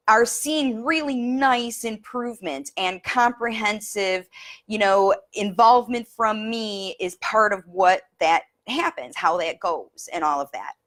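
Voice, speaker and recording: A woman's voice: medium pitch, a bit bright. Middle-aged woman rambling casually on a live video, lots of um and you know, sometimes a bit teary. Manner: chatty, many fillers and restarts; gets emotional, teary. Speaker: speech and language coach.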